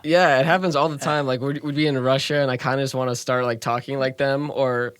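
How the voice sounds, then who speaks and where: A man chatting on a podcast, talking loosely with lots of "like". His voice is mid-pitched, recorded close and dry. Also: steady tone, quick pace, fairly bright tone, clear, resonant tone, no room sound. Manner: easygoing, rambling, lots of "like". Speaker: guest pro gamer. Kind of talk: casual podcast chat.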